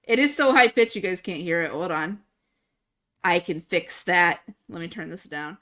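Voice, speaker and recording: Young woman streamer, giggly casual chat, bright tone, close desk mic. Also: fairly low pitch, moderate pace. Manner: chatty, giggly, self-amused. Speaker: livestreamer.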